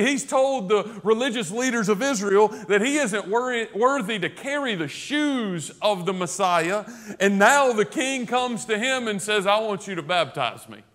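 A man's voice: high voice, a bit bright. A man preaching a sermon, emphatic and rising in volume on key points, with conversational asides to the listeners. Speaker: pastor.

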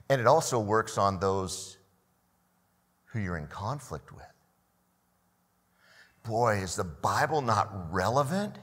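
A man's voice: on the low side, a bit bright, in a large hall. An older man preaching a sermon as a pastor, often repeating the first words of a phrase and asking the listeners questions.

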